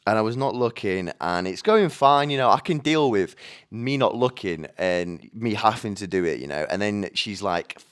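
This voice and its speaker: Rambling man with a smooth, low voice. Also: expressive, moderate pace. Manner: chatty and rambling, with frequent restarts and casual swearing. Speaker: podcast host. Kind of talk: rambling solo podcast monologue. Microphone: studio microphone.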